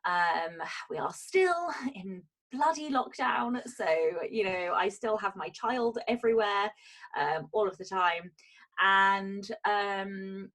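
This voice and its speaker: A woman's voice: mid-range voice, expressive, a little slow, a bit bright, poor audio. A woman co-hosting a podcast in casual chat, talking chattily, laughing often and swearing casually. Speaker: podcast co-host.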